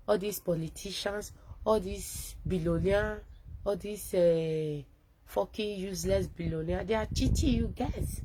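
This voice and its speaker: Woman, Nigerian accent, low-ish voice, fervent and rallying, phone video, faint background noise. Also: dark tone, rough recording. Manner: fervent, rallying, mixing Pidgin and English. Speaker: activist broadcaster. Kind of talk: impassioned live video address. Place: indoors at a friend's home.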